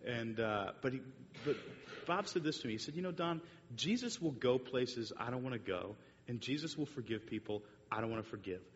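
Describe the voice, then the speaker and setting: A man's voice: expressive, brisk. A man giving a sermon with slides, telling a long story with many fillers and restarts. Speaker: speaker giving a church talk with slides. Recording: muffled echoey hall recording with faint rumble.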